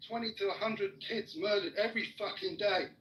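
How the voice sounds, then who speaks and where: A man in a heated argument, furious and swearing constantly as he shouts down the other person. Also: sits high, fairly quick, slight background noise. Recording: echoey room, mic at a distance.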